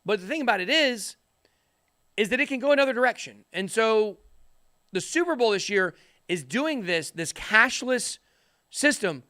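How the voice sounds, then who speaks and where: A middle-aged man talks to the camera in a high, bright, forceful voice. He rambles energetically and slips in jokes. The sound is close and dry. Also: expressive, normal speed, pauses often, no room sound. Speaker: crypto channel host. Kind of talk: casual chat to camera.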